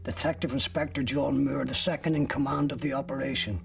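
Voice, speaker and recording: A man's voice: mid-range voice, steady tone, brisk, creaky, distant mic. An older man, recounting a personal ordeal as an interviewee in blunt, graphic words with swearing.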